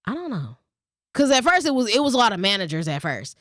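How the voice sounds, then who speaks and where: Vlogger, female, slightly high pitch, dry close sound; blunt, profane storyteller. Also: sing-song, fast, a bit bright, no echo. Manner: reads a passage aloud, then switches to casual chat. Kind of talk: casual storytelling vlog.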